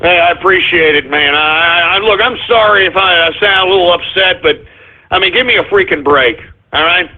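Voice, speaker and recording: A man with a high, breathy, husky voice hosts an internet radio show and rants at his audience. His delivery is scornful and full of profanity. The sound is thin and boxy, like a phone line. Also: normal speed. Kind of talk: angry call-in radio rant.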